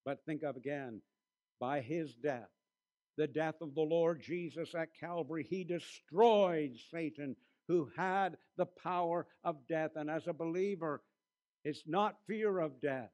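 A man preaching a sermon as a pastor. He slows down to stress key phrases and drops his voice softly for quiet storytelling. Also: fairly high pitch.

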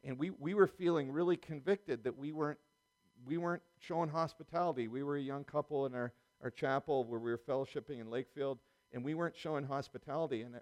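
A man's voice: medium pitch, a little mellow. A middle-aged man preaching a sermon in a conversational way, full of restarts and small chuckles.

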